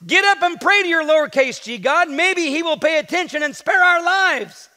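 A man's voice: very high-pitched, animated, normal speed, sharp tone, pitched above the performer's own voice, exaggerated voice. A man voicing an exasperated male ship captain who scolds in disbelief during a sermon. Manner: scolding, incredulous. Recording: long hall reverb in a church.

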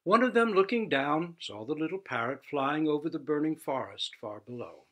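A man who teaches Zen, telling a fable slowly and expressively. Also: a little high. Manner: slow, expressive storytelling. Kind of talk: storytelling talk.

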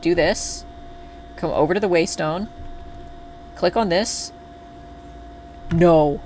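A man's voice: sits high, unhurried, slight background noise. Chatty man streaming a game. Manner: chatty, talks to chat, swears when upset.

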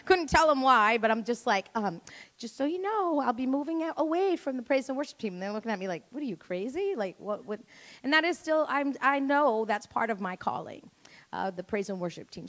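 A middle-aged woman, a worship leader, telling family stories at the end of a church service, animated and laughing. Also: on the high side. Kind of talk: sermon closing remarks. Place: church sanctuary. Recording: long church reverb.

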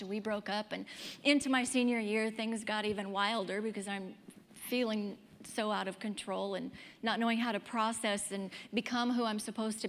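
A woman in her fifties giving a candid personal testimony as a speaker, in a conversational storytelling way. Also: mid-range voice. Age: 50s. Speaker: pro-life speaker. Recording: long hall reverb.

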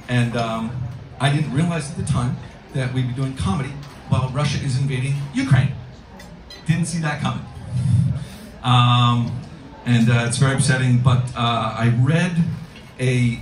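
Middle-aged male comic, rambling and self-deprecating, roomy sound from far off, music behind. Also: mid-range voice. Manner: rambling, self-deprecating, full of ums and restarts. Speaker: stand-up comedian. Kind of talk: live stand-up set. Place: restaurant comedy room with a live audience.

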